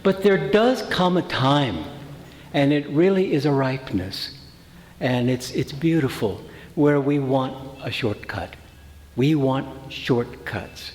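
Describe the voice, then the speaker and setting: A man at a middle pitch gives a spiritual talk to a retreat group, chatty and full of stories, often stopping to restart a phrase. His voice carries a roomy echo with a long reverb tail from the hall. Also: darkish tone. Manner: anecdotal, conversational, many fillers and restarts. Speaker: retreat teacher.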